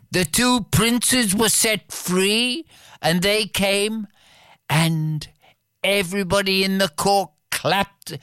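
Woman, fairy-tale storyteller, expressive, very slow, close dry sound. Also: very deep voice, dry recording. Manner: expressive, drawn-out storytelling delivery.

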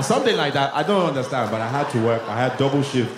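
A man's voice: medium pitch, lively intonation, quick pace, few pauses. A man from the United States doing crude stand-up comedy, laughing through his lines. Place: comedy club. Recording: echoey club with crowd laughter and noise.

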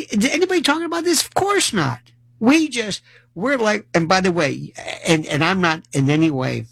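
Male political commentator, gravelly voice, sardonic, fires off lists of issues. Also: a little high, no echo. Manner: sarcastic, rattles off lists of issues.

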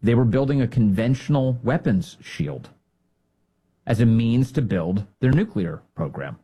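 A man's voice: mid-range voice, animated, measured pace, warm tone, husky. A man doing political commentary, mocking and sarcastic, who mimics the people he talks about. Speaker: commentary host.

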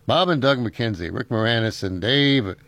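A man's voice: mid-range voice, animated, normal speed, a bit bright, dry recording. A middle-aged man hosting a call-in radio show, telling stories in a rambling way with frequent chuckles. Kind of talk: casual call-in radio chat. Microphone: studio microphone.

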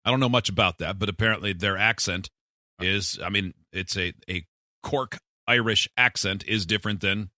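A man's voice: fairly low pitch, moderate pace, no echo, studio quality. A man hosting a radio show, chatting casually and playfully with his co-hosts. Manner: playful, animated. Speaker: radio host. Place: radio studio. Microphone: studio mic.

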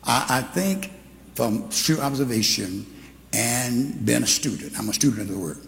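A man preaching a sermon, telling his testimony with animated storytelling that rises into fervent preaching. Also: mid-range voice, moderate pace, gravelly, a little hiss or hum. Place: church sanctuary. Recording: long hall reverb.

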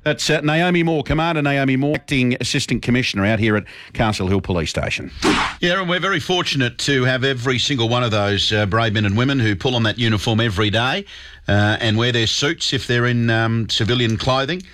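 A man's voice: mid-range voice, fairly quick, fairly bright tone, no room sound. A man with an Australian accent hosting a casual radio show, upbeat and matey, with frequent fillers. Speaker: radio host.

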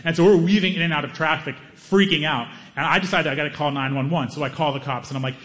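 A man telling a stand-up story, lively, acting out other people's lines. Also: quick pace. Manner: animated, acts out other people's lines in higher voices. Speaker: stand-up comedian.

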